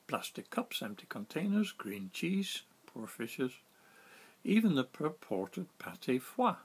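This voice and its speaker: A man reading his own story aloud in a wry, self-mocking, lively way. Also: mid-range voice, slightly rough. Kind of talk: storytelling narration.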